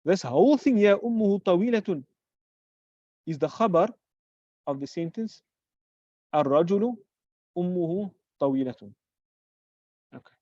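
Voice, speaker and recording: A teacher giving a grammar lesson who poses questions and answers them, repeating example phrases slowly. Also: medium pitch, lively intonation, mellow, dry recording. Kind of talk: classroom lecture. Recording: dull lo-fi recording.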